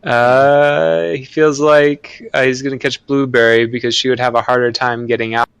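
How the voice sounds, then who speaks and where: Flat, smooth-voiced male player. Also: mid-range voice, moderate pace, no echo. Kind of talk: casual tabletop play.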